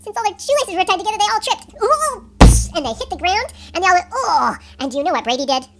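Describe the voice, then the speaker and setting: Animated high-voiced woman telling bedtime stories. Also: rapid-fire, heavy background noise. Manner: animated, asks listeners questions. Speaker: storyteller. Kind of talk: improvised bedtime story.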